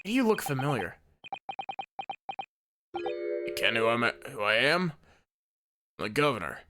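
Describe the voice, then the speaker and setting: A man voicing a gruff, hostile Scottish prison governor who threatens his visitors. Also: medium pitch, sing-song, a little slow, over music. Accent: put-on Scottish.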